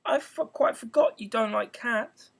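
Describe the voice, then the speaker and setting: An eager, prim young girl rattles on in a bright, raised voice, as a man reading a storybook aloud puts her on. She sounds curious and chatty, rambling from one thought to the next with lively rises in pitch. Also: a little slow, creaky, exaggerated voice. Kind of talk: amateur audiobook reading.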